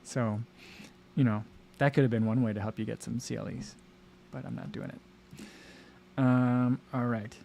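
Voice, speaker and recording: A man's voice: medium pitch, steady tone, normal speed, gravelly, pauses often, warm tone, a little hiss or hum. Chatty man rambling to his livestream chat. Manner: chatty and rambling, many fillers and self-interruptions. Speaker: livestream host reading chat.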